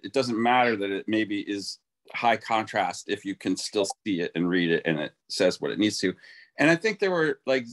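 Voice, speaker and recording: A man thinks out loud with enthusiasm and strings one idea onto the next in long run-on stretches. His voice sits in an ordinary mid register. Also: medium pitch. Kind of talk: casual conversation.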